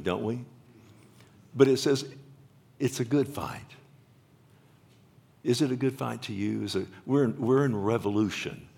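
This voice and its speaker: A man's voice: lowish voice, creaky, darkish tone. A man preaching a sermon as pastor, earnest and often asking his listeners questions.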